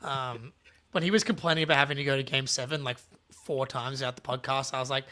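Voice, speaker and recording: A man co-hosting a casual live stream, excitable and laughing often, quick to apologize. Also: mid-range voice. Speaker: podcast co-host.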